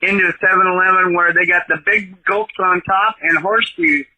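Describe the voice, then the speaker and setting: A man's voice: high voice, fairly even intonation, a little fast, pushed and bright, low-quality recording. A man from Oregon leaving a rambling, joking voicemail for a podcast. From Oregon, US West Coast. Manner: rambling, joking, laughs at himself. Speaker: voicemail caller. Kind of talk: casual phone voicemail.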